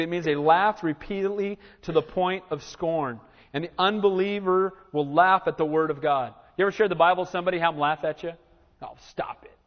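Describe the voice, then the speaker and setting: Male pastor with a high voice, animated preaching, muffled lo-fi recording in a reverberant church. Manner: animated preaching, acts out Bible scenes. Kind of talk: sermon. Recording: reverberant church hall, dull lo-fi sound.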